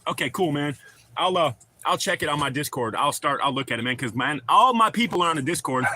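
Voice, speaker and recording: A man's voice: fairly high pitch, expressive, brisk, pushed and bright, a little hiss or hum. A man hosting a casual livestream, telling long rambling stories, swearing freely and chatting with viewers he calls brother. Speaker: livestream host. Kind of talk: casual livestream chat, reading chat aloud.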